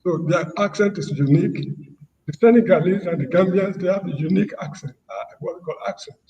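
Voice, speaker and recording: A man's voice: high-pitched, brisk, dark tone, big-room sound, recorded from a distance, lo-fi sound. A man who is a guest on a panel talk show, making his case emphatically and arguing back. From Nigeria. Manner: emphatic, argumentative.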